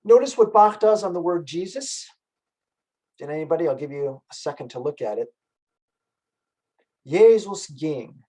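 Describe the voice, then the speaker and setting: A man's voice: fairly high pitch, sing-song, fairly quick, darkish tone, poor audio. Man giving a lecture on music. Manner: explanatory, asks the audience questions. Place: library event.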